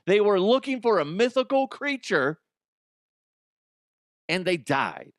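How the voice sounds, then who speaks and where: A man's voice: high voice, sing-song, slow pace, dry recording. A man hosting a comedic news podcast, ranting about odd stories with profane, laughing commentary into a close microphone. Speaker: podcast host.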